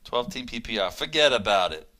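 Bright-voiced male radio co-host. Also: medium pitch, lively intonation, a little fast. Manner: reads emails aloud, wry. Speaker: radio co-host reading listener emails. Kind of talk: casual radio chat.

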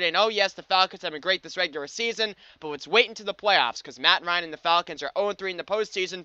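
On his sports podcast, a young man from the United States reads a scripted monologue, upbeat and wry and full of fillers. His high-pitched voice is pushed and bright with a clean tone, and the dry recording sounds slightly dull.

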